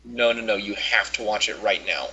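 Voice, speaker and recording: Excitable young man with a bright voice. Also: on the low side, normal speed, gravelly, dull audio. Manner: excitable, insistent storytelling. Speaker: co-host. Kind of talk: casual gaming podcast chat.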